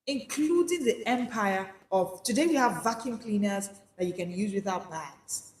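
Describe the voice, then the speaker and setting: A woman's voice: medium pitch, a little hiss or hum. A woman teaching a motivational session, stressing and repeating her key phrases. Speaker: speaking coach. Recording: echoey hall with long reverb.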